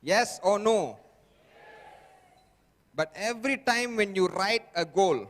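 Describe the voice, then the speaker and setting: A man gives a motivational seminar, speaking slowly and deliberately in a fairly high voice. He keeps asking the room "okay?" and acts out the voices he describes. A long reverb hangs after each phrase, as if he stands in a large hall. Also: lively intonation, fairly bright tone. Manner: checks in with the audience constantly.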